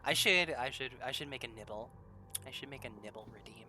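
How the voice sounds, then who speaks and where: A woman's voice: a bass voice, fast, noisy background. A woman hosting a tabletop game stream as dungeon master, bubbly and giggly, chatting casually with her players.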